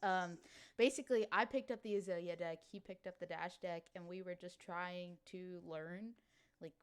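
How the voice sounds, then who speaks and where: A woman's voice: lowish voice, steady tone, smooth. Chatty Louisiana woman co-hosting. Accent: slight Cajun. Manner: chatty, lots of "like" and quick laughs. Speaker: podcast co-host. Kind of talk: casual chat.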